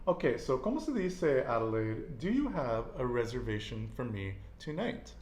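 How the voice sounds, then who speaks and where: A man's voice: medium pitch, big pitch swings, moderate pace, darkish tone, reverberant, a little hiss or hum. A man teaching a casual Spanish lesson, repeating each answer and praising it.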